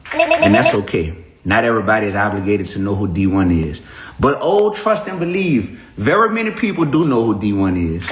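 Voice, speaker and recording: A man hosting a casual livestream, speaking in an animated, preachy way and greeting viewers by name as he goes. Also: lowish voice, roomy sound. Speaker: livestream host.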